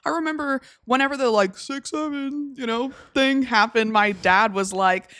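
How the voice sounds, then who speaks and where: A woman co-hosting a podcast in casual chat, teasing and goofy and quick to laugh. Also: high-pitched, a bit bright, no room sound, clean studio sound. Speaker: podcast co-host.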